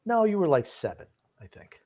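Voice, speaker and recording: An older man co-hosts a casual sports podcast and reads chat comments out loud. He jokes and teases the others in easygoing banter. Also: sits high, very animated, normal speed. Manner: teasing, joking, reads comments aloud. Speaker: co-host reading chat comments.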